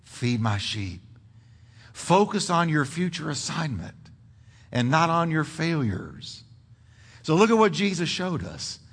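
A middle-aged man preaching as a pastor, with sweeping swings in pitch and emphatic build-ups. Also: sing-song, unhurried, a bit bright, slightly rough. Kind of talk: sermon. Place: church sanctuary.

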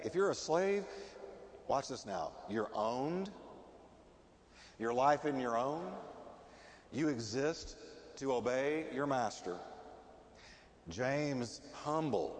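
A middle-aged man preaching a sermon as a pastor, emphatic and animated, often asking his listeners questions. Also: mid-range voice, slight background noise. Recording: long hall reverb.

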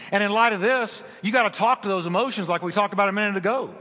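A man preaching a sermon as an animated storytelling pastor who repeats phrases for emphasis, in a reverberant hall. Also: high voice, quick pace, few pauses.

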